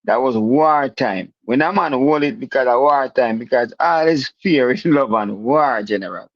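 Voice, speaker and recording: A man's voice: mid-range voice, moderate pace, no echo. A man with a Jamaican accent in a casual debate, insistent and repeating words to hold the floor, on dull, dry, lo-fi audio. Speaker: panelist.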